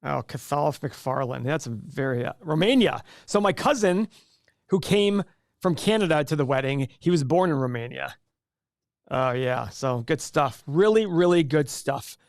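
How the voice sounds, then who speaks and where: A man's voice: a little high, lively intonation, unhurried, vocal fry, no room sound, clean studio sound. A man in his forties hosting a casual livestream, chatting loosely and reading viewer comments aloud. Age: 40s. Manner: chatty, rambling, reads chat aloud. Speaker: livestream host.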